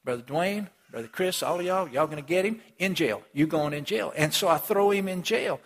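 Preaching in a church with long hall reverb, a pastor speaks directly to the congregation and animatedly acts out the characters in a story. His voice is on the high side, and he talks a little fast.

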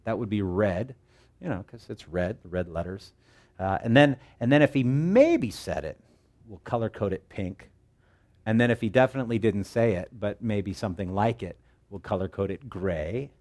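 A man preaching a sermon in an animated, joking way, acting out the voices he quotes. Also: on the low side, moderate pace. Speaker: pastor.

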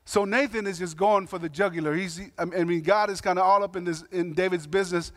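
With a high-pitched voice and a fairly quick pace, this Samoan-heritage pastor preaches casually and conversationally. Emphatic points alternate with slang asides and acted-out quotes, and the audio is dry and close with no echo from the room.

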